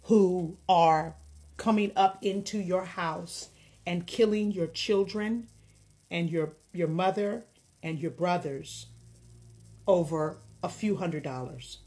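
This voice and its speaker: In a lowish, darkish voice, this woman takes her time lecturing viewers in a commentary video, bluntly and passionately, speaking straight to camera as someone who offers counseling.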